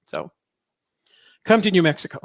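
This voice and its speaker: A man's voice: high-pitched, huge pitch swings, moderate pace, dry recording, clean studio sound. A man co-hosting a podcast, talking casually and rambling, often correcting himself. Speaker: podcast co-host. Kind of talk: casual political chat.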